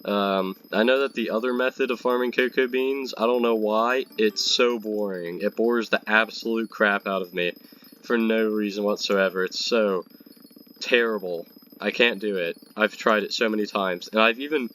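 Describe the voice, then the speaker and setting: A man's voice: fairly low pitch, fairly even intonation, moderate pace, a bit bright, slight background noise. A young man with a stuffy nose from being sick, rambling casually while playing a game. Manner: rambling, chatty, self-mocking. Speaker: gaming video creator.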